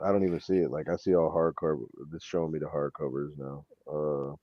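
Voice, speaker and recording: With a rumbling low voice and a brisk pace, this co-host from New York animatedly tells a story in a casual chat, acting out what others said. There's no echo, but the recording has a dull lo-fi sound.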